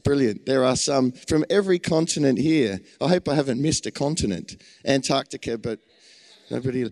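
A man's voice: medium pitch, moderate pace, a little mellow, big-room sound. An Australian man preaching a sermon, calling out to a gathered congregation with enthusiasm. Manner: enthusiastic, calls out to the crowd.

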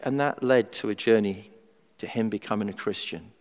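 A middle-aged man preaching a sermon in a humorous, animated way, acting out everyday voices. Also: lowish voice, normal speed. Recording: long hall reverb.

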